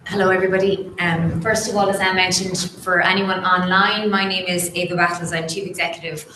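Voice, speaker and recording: A woman's voice: fairly low pitch, level tone, a little fast, bright, forceful tone, slight background noise. A woman, a chief executive giving a formal presentation at an annual meeting, businesslike with the odd filler. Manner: clear, businesslike delivery with occasional fillers. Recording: echoey meeting room.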